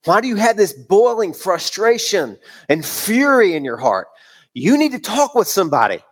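A man, preaching a sermon, voicing God as a tender father who gently asks questions and pleads. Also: high voice, very animated, moderate pace, voice pushed up. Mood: tender, coaxing.

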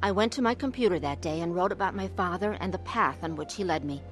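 A woman's voice: lowish voice, fast talker, faint music behind, lightly acted. An actress playing a troubled middle-aged woman who narrates her own story in a radio drama, earnest and emotional. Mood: somber.

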